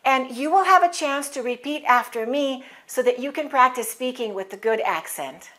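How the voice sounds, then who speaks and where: Clearly enunciating woman English teacher. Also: high voice, expressive, loud music behind the voice. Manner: clear, deliberate enunciation with model words for repeating. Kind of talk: scripted pronunciation lesson.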